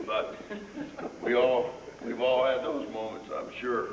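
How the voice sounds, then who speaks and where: An older man coaching football linemen, spinning a folksy yarn before barking blocking drills. His voice is mid-pitched and heard from a distance through a camera mic. The sound is roomy, with clear outdoor noise around him. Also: steady tone, a little slow. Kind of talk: storytelling and on-field coaching demo. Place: outdoors on a practice field.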